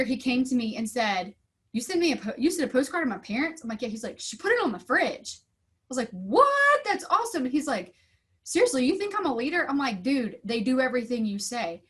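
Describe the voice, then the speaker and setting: A woman teacher in her thirties giving an upbeat talk to fellow teachers, full of classroom stories and lively quoted voices. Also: a little high. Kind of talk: conference talk.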